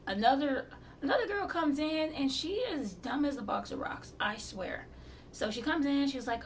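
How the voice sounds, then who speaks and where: A woman's voice: sits high, very animated, moderate pace, distant mic, a little hiss or hum. A woman vlogger telling her own surgery story in an exasperated, blunt way, swearing as she goes. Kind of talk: storytime vlog.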